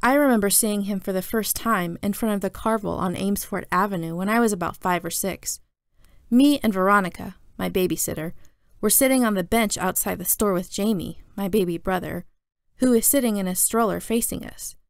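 A woman reading a novel aloud as first-person narration, telling it in an even storytelling manner. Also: medium pitch, a little fast, creaky, dry recording, studio quality. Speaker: audiobook reader.

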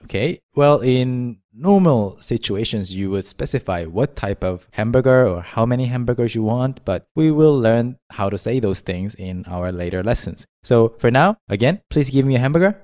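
A man hosting a casual language lesson, upbeat and quick to laugh. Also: medium pitch, expressive, mellow. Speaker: host.

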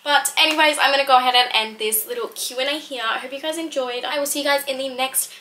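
A woman's voice: sits high, steady tone, quick pace, pushed and bright, poor audio. A young Australian woman answering viewer questions in a casual vlog, chatty and full of "like". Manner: chatty, fills speech with "like". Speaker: fitness content creator.

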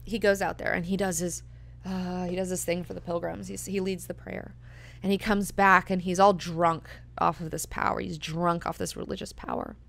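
A woman's voice: on the low side, level tone, moderate pace, creaky, fairly bright tone. Chatty young woman hosting a book club. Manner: chatty, lots of "like" and "you know". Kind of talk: casual book discussion.

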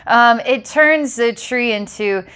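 A woman's voice: on the high side, takes it slowly, fairly bright tone, clean tone. A woman doing a psychic reading for a client, rambling and breaking into giggles between intense passages. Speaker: psychic reader.

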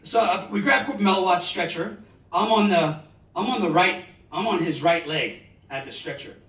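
A man in his forties giving a live motivational talk, telling stories dramatically with bursts of loud emphasis. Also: sits high, moderate pace. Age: 40s. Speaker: motivational speaker. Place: large lecture hall. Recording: roomy hall, distant mic.

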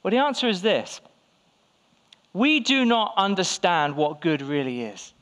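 A man's voice: sits high, big pitch swings, unhurried, a bit bright. A man pastor preaching a conversational sermon to his church, firing rhetorical questions and acting out quoted voices. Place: church hall.

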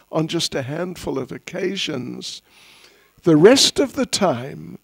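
A man giving a spiritual festival class, telling a story in an unhurried, anecdotal way and chuckling at his own asides. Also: a little high, gravelly, husky, no echo, studio quality. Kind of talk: storytelling sermon.

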